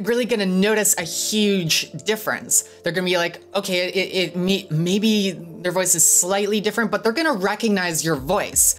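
A woman's voice: medium pitch, fairly bright tone. A woman teaching voice training in a casual vlog, explaining things by demonstrating shifts in her own voice. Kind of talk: instructional vlog.

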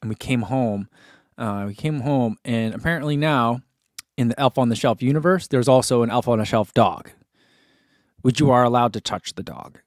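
A man in his thirties chats loosely through a live stream and reads viewer comments aloud with plenty of fillers. His voice sits at an ordinary middle pitch. The sound is close and dry, with no room echo. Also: moderate pace. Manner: chatty, rambling, with fillers and laughs.

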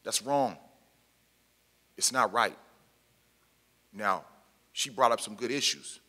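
A man with a lowish yet bright, forceful voice speaks passionately to an audience, hammering his points home by repeating them. His plain, colloquial talk rings out with a long reverb from a large hall. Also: takes it slowly. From Pacific Northwest, US. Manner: emphatic, repeats key lines, plain colloquial speech. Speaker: formerly incarcerated panel speaker. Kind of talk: impassioned public talk to an audience.

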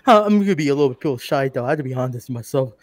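A man's voice: mid-range voice, fairly even intonation, racing, warm tone, no room sound, clean studio sound. A man chatting casually on a stream, awkwardly and playfully repeating the prank lines he is fed. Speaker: streamer's friend. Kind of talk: casual livestream chat.

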